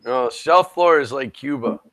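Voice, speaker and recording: A man's voice: mid-range voice, fairly quick, fairly bright tone, dry recording. A man from Minnesota co-hosting a livestream, a chatty storyteller in casual chat. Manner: chatty storyteller, laughs easily. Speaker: co-host of a livestream.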